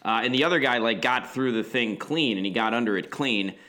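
Man, podcast co-host, casual rambling chat, bright tense tone, halting restarts. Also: mid-range voice.

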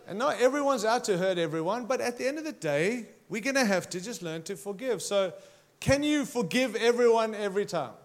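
Pastor, male, preaching an emphatic, passionate sermon in a slightly higher voice. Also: expressive, fairly quick. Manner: impassioned, emphatic preaching with direct challenges to listeners.

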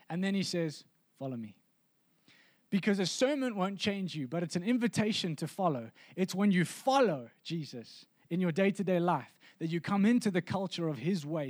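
High-voiced pastor preaching. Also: male voice, a little mellow, dry recording. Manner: earnest, conversational preaching with repeated restarts. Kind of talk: sermon.

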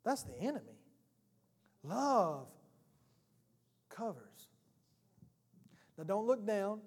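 Very slow and husky, this male pastor still brings an animated, humorous energy to his sermon, speaking to the congregation as a friend would. His voice is high for a man, and the church hall leaves a long reverb in his wake.

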